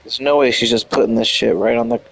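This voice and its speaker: A man's voice: mid-range voice, steady tone, fast, creaky, no room sound, poor audio. A young man chatting casually and profanely while playing a video game, riffing in disbelief. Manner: loose, profane, incredulous riffing. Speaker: gamer commentating on a video game. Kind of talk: casual chat over gameplay.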